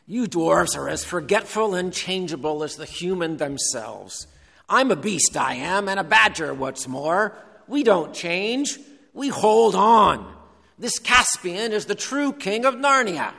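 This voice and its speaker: A loyal old talking badger with a raised, bright voice, declaiming earnestly about holding on, as a preacher puts him on. His words ring out in a hall with a long echo. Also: sits high, animated, a little slow, gravelly, pitched above the performer's own voice, exaggerated voice.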